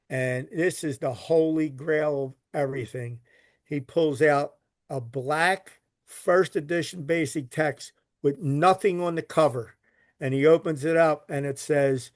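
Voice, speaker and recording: Philly man, casual rambling storyteller, a little high-pitched, bone-dry sound. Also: unhurried, no room sound. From Philadelphia. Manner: rambling, repeats words, swears casually. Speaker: podcast guest, recovery literature collector.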